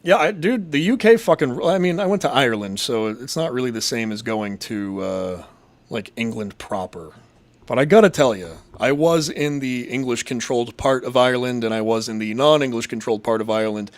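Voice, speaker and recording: A man's voice: mid-range voice, fairly quick. A man from Massachusetts hosting a casual live show, reading chat and rambling in a crude, profane, jokey way.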